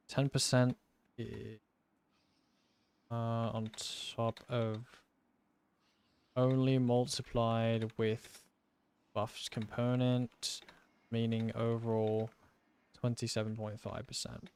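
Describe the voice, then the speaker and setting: A man's voice: mid-range voice, little pitch movement, slow pace, pauses often, darkish tone, clear, resonant tone. A young man streaming, casually talking through game testing, thinking aloud, muttering through sums and swearing now and then. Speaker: gaming streamer.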